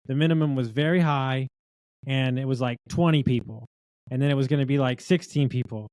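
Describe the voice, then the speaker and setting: A man telling lively restaurant stories in a casual chat, acting out what other people said. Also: medium pitch, brisk, dry recording. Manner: animated storyteller, acts out quotes of others.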